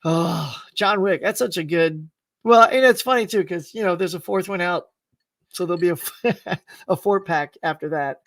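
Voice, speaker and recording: A middle-aged man hosting a live stream, chatting casually with viewers in a rambling, animated way and laughing often. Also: high voice, moderate pace, dry recording, distant mic. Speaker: live-stream host answering chat. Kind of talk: casual chat.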